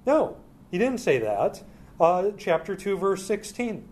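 Halting male Bible teacher. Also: high-pitched, big pitch swings, a little mellow. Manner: halting, with constant "uh" fillers.

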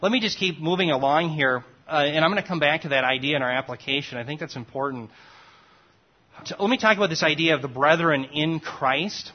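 A man teaching a Bible study class in an explanatory manner, often pausing to check in with his listeners. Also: a little high. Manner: checks in often with "okay?" and "right?". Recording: dull lo-fi recording.

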